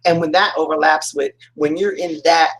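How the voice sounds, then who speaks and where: A man giving a casual, enthusiastic motivational talk, rambling and acting out excited quotes. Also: a little high, moderate pace, poor audio.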